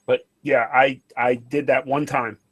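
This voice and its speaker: A man co-hosting a casual radio show, telling childhood stories in an animated way and acting out the people in them. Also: mid-range voice, unhurried. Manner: animated, acts out quoted voices. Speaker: podcast co-host.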